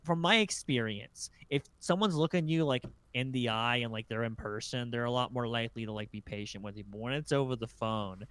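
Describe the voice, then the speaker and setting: A man hosting a podcast in casual chat. He tells rambling stories full of fillers and the odd curse. His voice is smooth and clear, and it sounds dry and close. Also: medium pitch, a little fast, hardly any pauses, a bit bright, no room sound. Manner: rambling storyteller, lots of fillers, swearing, laughs. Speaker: podcast host.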